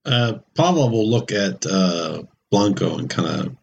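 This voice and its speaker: A man playing in a tabletop game, talking casually and slowly. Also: sits low, animated, vocal fry, husky, dull audio. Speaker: player.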